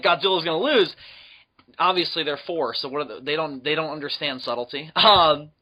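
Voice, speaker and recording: A man with a bright, rather high voice, telling a story on a podcast. He rambles, swears freely and fills his pauses with ums. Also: poor audio. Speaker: podcast co-host. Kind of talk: casual storytelling chat.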